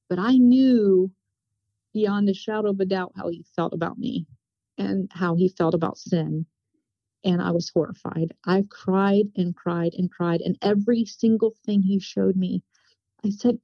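A woman's voice: mid-range voice, no echo. Woman telling her spiritual testimony, earnest and repetitive, dull dry lo-fi sound. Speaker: testimony speaker.

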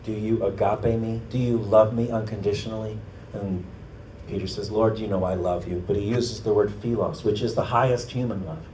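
A male pastor preaching a sermon as a story, rising to loud emphatic peaks and then dropping to a low hush. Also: recorded from a distance, slight background noise. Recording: echoey room, voice off-mic.

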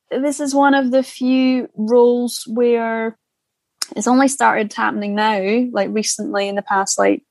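A woman's voice: fairly high pitch, fairly even intonation, a little slow, a little mellow, dry recording. A young Scottish woman with a Scottish accent, an actor chatting as a guest in a casual interview, rambling with many restarts and fillers. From Scotland. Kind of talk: casual interview over a call.

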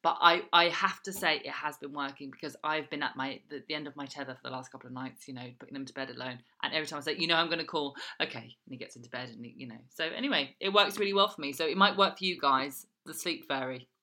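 Female co-host, low and bright, candid chatty storyteller. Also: quick pace, hardly any pauses. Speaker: podcast co-host. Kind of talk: casual chat.

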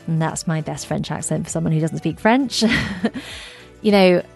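A woman's voice: low voice, normal speed, gravelly, a little mellow, faint music behind. A woman hosting a travel podcast, chatting enthusiastically about her trips with gushing asides and fillers. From England. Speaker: podcast host.

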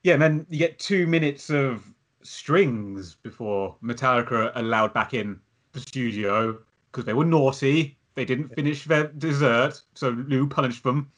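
A man's voice: medium pitch, unhurried. Wry male podcast co-host. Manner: wry, dry humoured. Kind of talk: casual chat about music.

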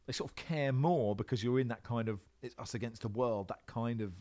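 A man with a mid-range voice, talking a little fast, gives a casual interview from his home in Australia, where he works as a football presenter. His chat is rambling and animated, with lots of restarts and fillers.

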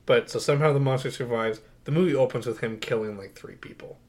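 A young man co-hosting a casual movie review podcast, telling scenes in an animated, incredulous way with frequent laughs. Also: medium pitch, fast talker. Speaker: podcast co-host.

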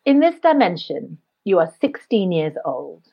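Woman cohost, bit husky, sets up the bit and nudges the guest along. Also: on the low side, sing-song, highs cut off. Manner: sets up segments and prompts the guest with quick agreements. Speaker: podcast co-host. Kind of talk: casual podcast chat.

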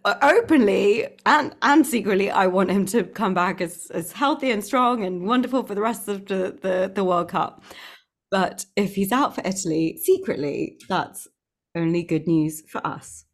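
Woman, podcast co-host, chatty, laughs easily, mid-pitched voice. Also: moderate pace. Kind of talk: casual sports podcast chat.

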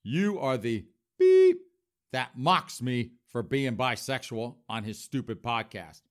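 A man puts on an indignant, offended man, his voice pushed up high and loud. He drags the words out slowly, full of huffy outrage. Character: indignant man snapping at a podcaster.

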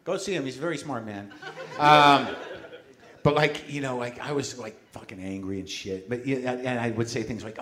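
A man's voice: mid-range voice, a little fast, a bit bright, slight background noise. A man hosting a podcast on stage, rambling through profane, self-deprecating comic stories. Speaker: podcast host. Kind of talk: casual comedic chat. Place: live stage show. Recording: live audience audible. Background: audience.

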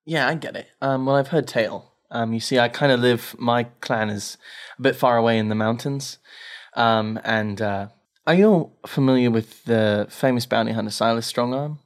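A man's voice: medium pitch, normal speed. A man playing a tabletop role-playing game, speaking in character with a showy, ostentatious manner. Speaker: player.

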